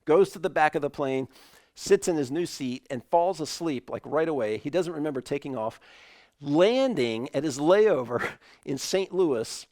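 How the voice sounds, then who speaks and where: Man, pastor, online sermon, storytelling, slightly high voice, dry close sound. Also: moderate pace, no room sound. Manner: conversational storytelling with animated asides.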